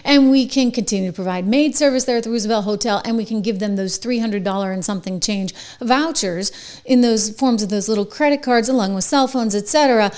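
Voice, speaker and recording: A woman's voice: a little high, fairly quick, a little mellow. A middle-aged woman hosting a political commentary monologue, sarcastic and mocking.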